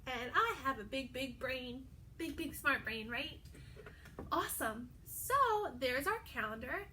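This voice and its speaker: A young adult woman teaching a video lesson to young children, talking in a slow, sing-song, encouraging way. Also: sits high, animated, pushed and bright, a little hiss or hum. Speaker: pre-K teacher.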